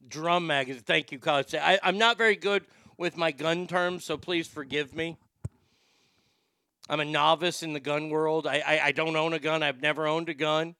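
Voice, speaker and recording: A man giving crude, excitable casual commentary as he reacts to videos. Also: a little high, moderate pace, clear, resonant tone, no echo, studio quality.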